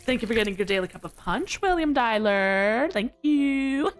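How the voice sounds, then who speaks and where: A bubbly woman streams from home, chatting and giggling with her viewers. Her voice sits fairly high and swings up and down a lot. Soft music plays faintly behind her. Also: lively intonation, moderate pace. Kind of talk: live-stream chat with viewers.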